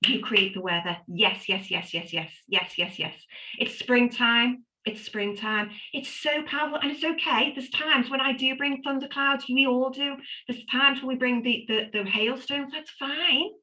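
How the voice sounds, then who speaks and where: Bright, upbeat woman presenter. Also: sits high, moderate pace, few pauses, rough recording. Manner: upbeat, emphatic lists and repetition. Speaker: wellbeing workshop presenter. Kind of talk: live online workshop talk.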